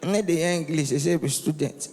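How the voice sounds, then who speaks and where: A man's voice: fairly high pitch, fast, darkish tone, long reverb tail. A Nigerian man doing a rowdy stand-up comedy set, teasing the crowd and calling for responses. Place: live comedy venue.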